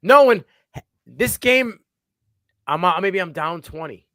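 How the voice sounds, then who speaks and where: A male co-host giving animated, profane takes on a sports talk livestream. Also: high-pitched, unhurried, dry recording, clean studio sound.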